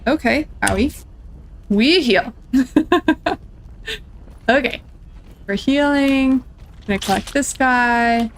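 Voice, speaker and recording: A woman's voice: high voice, takes it slowly, pauses often, slight background noise. A young woman casually commentating her own gameplay, chatty and playful, talking to enemies and viewers. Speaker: gameplay streamer. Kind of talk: casual let's-play commentary.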